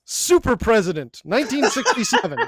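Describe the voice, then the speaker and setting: A man co-hosting a podcast, running a trivia quiz and reading the options out slowly. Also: very high-pitched, wildly swooping pitch, a bit bright, slightly rough, no room sound, studio quality. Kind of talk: casual podcast chat.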